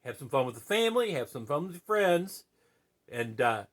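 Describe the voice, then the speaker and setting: A man's voice: on the high side, sing-song, moderate pace, a bit bright. A man hosting his own channel, sharing opinions in a rambling, conversational way with plenty of fillers and tag questions. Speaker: channel host. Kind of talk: casual opinion vlog.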